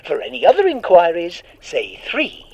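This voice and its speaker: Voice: medium pitch, huge pitch swings, normal speed, darkish tone, husky, heavily acted. A storyteller voicing a strange, bubbly automated hotline that recites options formally, sounding far off like a phone. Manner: bubbly, formal, recorded-message tone.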